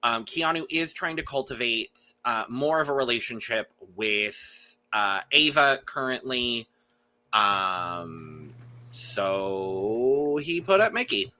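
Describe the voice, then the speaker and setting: A man's voice: mid-range voice, lively intonation, slow pace, pushed and bright. A man hosting a casual podcast chat, talking loosely with lots of fillers and blunt remarks. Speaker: podcast host.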